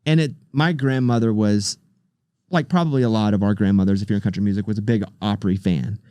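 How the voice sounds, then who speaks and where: A man talking as a podcast guest in a casual interview, telling animated stories and acting out the people he quotes. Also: lowish voice, brisk, clean tone, no echo. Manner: animated storyteller who acts out the people he quotes. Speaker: podcast guest, radio host and comedian.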